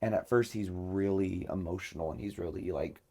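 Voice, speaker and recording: A man's voice: low voice, moderate pace, a little mellow. A man hosting a podcast, telling a story in casual chat and filling it with lots of filler words. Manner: chatty, many filler words. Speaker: podcast host.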